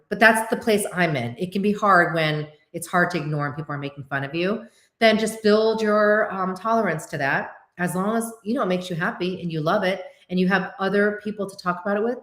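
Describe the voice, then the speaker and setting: A woman hosting a casual chat, answering viewer questions with quick asides and acted-out quotes. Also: fairly low pitch, fairly bright tone, roomy sound.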